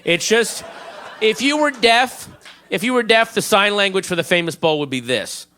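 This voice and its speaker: A man's voice: sits high, lively intonation, normal speed, sharp tone. A man doing a stand-up comedy set, rambling, profane and self-mocking.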